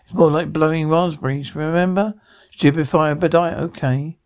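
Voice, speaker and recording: A man's voice: on the high side, steady tone, moderate pace, darkish tone, no room sound, studio quality. A man reading every part of a drama aloud, sound cues included, with slips and restarts. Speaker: radio show reader voicing a TV drama.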